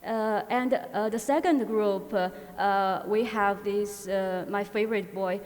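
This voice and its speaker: A woman giving an academic conference talk, halting, with frequent filler pauses and restarts. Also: mid-range voice, steady tone, a little mellow. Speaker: conference presenter. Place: university conference hall. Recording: long reverb of a conference hall.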